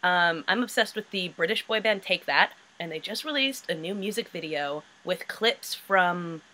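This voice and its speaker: A young woman in her twenties co-hosting a casual podcast chat, chatty and quick to laugh. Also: fairly low pitch, pushed and bright, rough recording. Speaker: podcast co-host.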